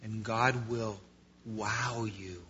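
A man preaching a sermon as pastor, swinging between loud passages and quiet ones. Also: on the low side, fairly even intonation, drawn-out words, slight background noise. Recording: lo-fi muffled sound.

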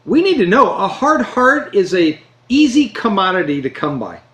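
A man preaching a sermon, earnest and emphatic, slowing down to stress key phrases. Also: high-pitched, sing-song, fairly bright tone. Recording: roomy echo.

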